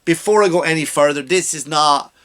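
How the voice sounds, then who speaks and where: A middle-aged man who immigrated to the US hosts a comedy podcast, speaking a little fast in a slightly high, somewhat bright voice. He rants profanely and mocks people with impressions.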